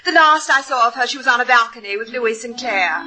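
An actress playing a flirtatious, theatrical rich woman who teases in a breathy, drawn-out way, in 1940s radio acting. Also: a little high, sharp tone, rough recording. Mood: teasing. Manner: breathy, teasing, drawn-out purring.

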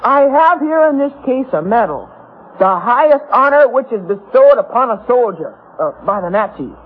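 A bossy schoolboy bully. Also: female voice, on the high side, big pitch swings, husky. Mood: mocking. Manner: bossy, mocking, quick to give orders. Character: brash scheming schoolboy ringleader. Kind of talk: 1940s radio acting. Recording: muffled old radio broadcast.

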